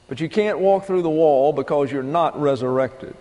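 A man's voice: a little high, normal speed, mellow, long reverb tail. A male pastor preaching a sermon in a folksy, emphatic way, asking rhetorical questions.

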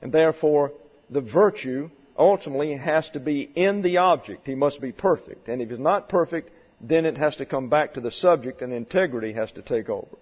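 A pastor preaching a doctrinal sermon in a church, deliberate and stressing key words as he works through numbered points. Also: on the high side, breathy edge. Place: church sanctuary. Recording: dull sound with long hall reverb.

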